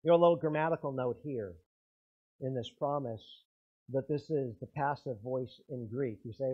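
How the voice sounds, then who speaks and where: A man's voice: mid-range voice, moderate pace, slightly rough, highs cut off. A man preaching a sermon as pastor, earnest, his intensity rising and falling.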